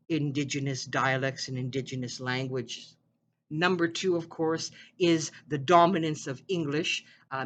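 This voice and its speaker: A podcast host from Manitoba, speaking earnestly in casual commentary, with frequent pauses and "uh"s. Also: medium pitch, sharp tone, a little hiss or hum. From Manitoba, Canada. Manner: earnest, halting, with frequent "uh" and "again".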